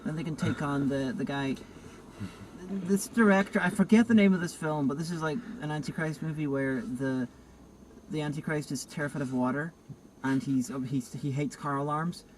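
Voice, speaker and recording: A man's voice: fairly high pitch, normal speed, slight background noise, low-quality recording. A man hosting a casual film review chat, riffing in a rambling, sardonic way. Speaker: host film critic.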